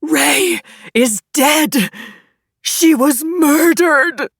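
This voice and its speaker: Woman playing a hysterical screaming man, shrill high cries, dry close sound. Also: extremely slow, no echo, heavily acted. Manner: shrieking, hysterical shouts. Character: frantic grief-stricken young man screaming. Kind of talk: audiobook character voice.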